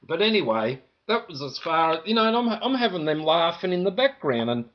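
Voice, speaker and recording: An Australian man with a fairly high voice vents to camera in a rambling, indignant complaint, padding his talk with "you know." The sound is dull and lo-fi, like an old home video. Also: very animated, brisk. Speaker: vlogger.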